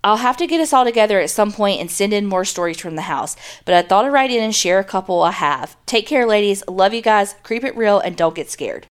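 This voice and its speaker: A woman co-hosts a podcast in a plain, mid-pitched voice. She reads listeners' stories aloud and chats bluntly, with a casual swear now and then. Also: expressive, a little fast, hardly any pauses, clear, resonant tone. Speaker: podcast co-host.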